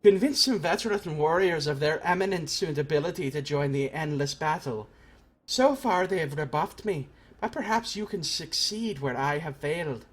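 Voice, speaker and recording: A man's voice: a little high, lively intonation, normal speed, breathy edge. A man voicing an earnest young armored woman recruiter in a put-on accent while reading game dialogue aloud.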